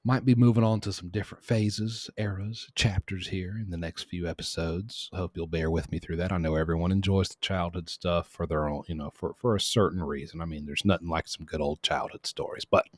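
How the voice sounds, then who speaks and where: A man hosting a podcast, telling a story casually in a rambling, animated way and correcting himself as he goes. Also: sits low, a little fast, hardly any pauses, no echo. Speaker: podcast host.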